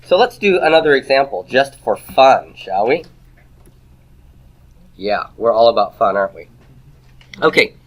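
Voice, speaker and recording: With a mid-range voice full of big pitch swings, a male teacher lectures a Hebrew grammar class. He peppers the students with quick rhetorical questions.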